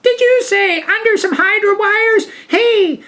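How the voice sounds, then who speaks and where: A woman's voice: very high voice, slow, fairly bright tone, pitched above the performer's own voice, full character voice. A man voicing a chatty suburban wife who calls out eagerly from her front door.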